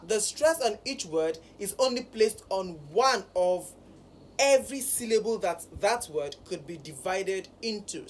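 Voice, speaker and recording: Female speech coach, measured delivery, deliberate emphasis, unhurried. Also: medium pitch, slight background noise, rough recording. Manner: slow, deliberate, repeats words with emphasis. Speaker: elocution and communications coach. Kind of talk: pronunciation lesson.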